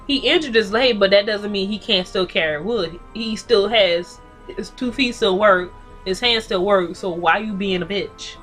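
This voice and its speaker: A woman's voice: mid-range voice, moderate pace, fairly bright tone, faint music behind. A woman giving a casual, blunt and profane recap of a TV episode, ranting about the characters. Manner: blunt, profane, sassy commentary. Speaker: TV recap reviewer.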